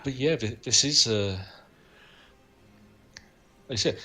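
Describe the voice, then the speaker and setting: A man's voice: mid-range voice, slow pace, sharp tone, soft background music. A man co-hosting a film podcast, sharing film trivia in a casual, anecdotal way. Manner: knowledgeable, anecdotal, laughs often. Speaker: podcast co-host.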